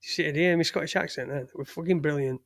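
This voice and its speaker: A man's voice: on the high side, fast, gravelly. A man hosting a live online show in rambling, jokey banter, swearing freely. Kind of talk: casual live-stream chat.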